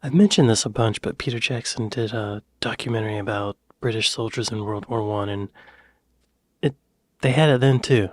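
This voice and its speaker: An American man reacting to a video, musing out loud with hesitant, chuckling asides. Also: fairly low pitch, fairly even intonation, brisk, no room sound. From United States. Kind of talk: casual reaction commentary.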